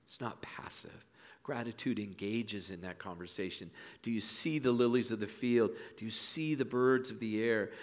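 Pastor guy giving a sermon, lowish voice, folksy stories, goes soft and hushed sometimes. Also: normal speed. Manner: folksy storytelling, drops to soft hushed lines for emphasis. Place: church sanctuary.

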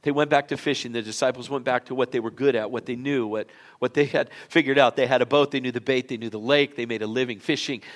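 A male pastor giving a sermon in an auditorium. He tells the story in a relaxed, folksy way, often swinging from loud to quiet. His voice sits in a mid-range pitch. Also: quick pace, hardly any pauses. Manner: conversational, folksy storytelling with big swings in loudness.

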